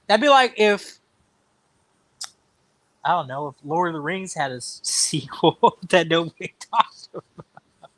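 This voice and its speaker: A man chatting casually about books and films, animated and jokey, swearing now and then. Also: on the high side, unhurried, pauses often. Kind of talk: casual chat.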